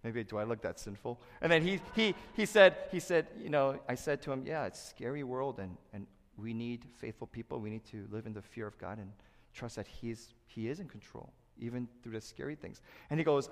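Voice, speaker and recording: A middle-aged man delivers a sermon as pastor, his mid-range voice carried by long reverb through a church sanctuary. He jumps loud and high when acting out other people's words, then falls soft and low for the serious parts. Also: lively intonation, brisk, hardly any pauses. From Korea.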